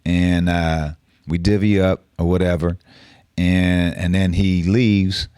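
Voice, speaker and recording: Deep-voiced streetwise storyteller man. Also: flat delivery, slow, darkish tone, clean tone, dry recording, studio quality. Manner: profane, streetwise slang. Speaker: podcast guest. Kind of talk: casual storytelling.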